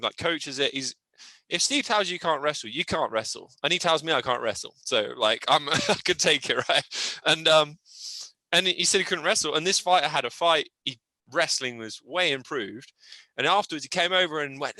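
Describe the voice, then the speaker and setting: A man's voice: a little high, lively intonation, moderate pace, bright, forceful tone, no echo. A man, a podcast guest who coaches and commentates on MMA, telling stories animatedly and laughing often. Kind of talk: casual storytelling.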